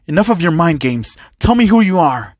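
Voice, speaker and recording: A man's voice: mid-range voice, expressive, normal speed, no room sound, studio quality, natural voice. A man voicing an earnest young male hero who angrily demands answers. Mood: urgent. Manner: demanding, urgent.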